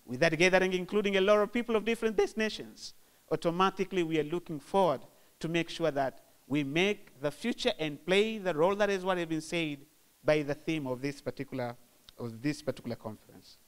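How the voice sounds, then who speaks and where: A man with a Tanzanian accent giving a measured, formal speech to open a conference, repeating his phrases. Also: fairly high pitch, smooth. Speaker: guest of honour opening a conference.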